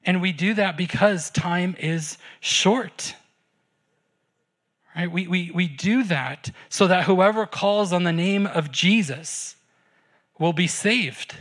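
A man's voice: sits high, slow pace, a bit bright. A man preaching a sermon and leading a closing prayer in a church, earnest and conversational, often repeating words as he starts a phrase. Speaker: pastor.

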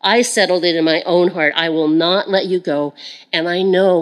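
A woman's voice: lowish voice, moderate pace, poor audio. A woman giving an earnest sermon as a Bible teacher. She repeats phrases for emphasis and often turns to speak to God directly in prayer.

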